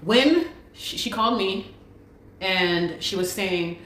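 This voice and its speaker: A woman's voice: mid-range voice, measured pace, a bit bright, slight background noise. A woman telling her story as a guest, speaking urgently and repeating her pleas. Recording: echoey room recording.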